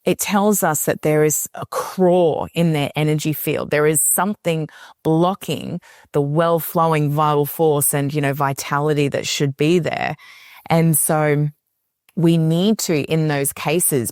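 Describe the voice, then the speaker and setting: Woman, earnest and low-voiced. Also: measured pace, no echo, studio quality. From Australia. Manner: earnest, animated when retelling clients' words. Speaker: podcast guest. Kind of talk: conversational explanation.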